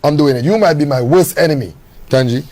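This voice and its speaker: A man's voice: a little high, fast, warm tone. A man who runs a charity, speaking as a talk show guest in an earnest, preachy way. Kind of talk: casual talk show chat.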